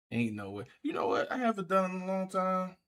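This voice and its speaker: A man's voice: high voice, a bit bright. A man hosting a live stream, chatting in a laid-back, slangy way and laughing easily. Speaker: streamer host. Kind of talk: casual live-stream chat.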